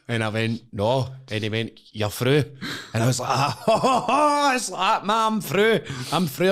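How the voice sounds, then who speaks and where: A young Scottish man, a wrestler and podcast guest, telling animated, swear-filled stories and acting out the voices of the people in them. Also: fairly low pitch. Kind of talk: casual storytelling chat.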